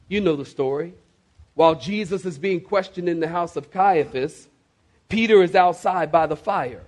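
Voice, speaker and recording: A man's voice: a little high, darkish tone. A man preaching a sermon as pastor, emphatic and calling for responses from the congregation, with swift asides.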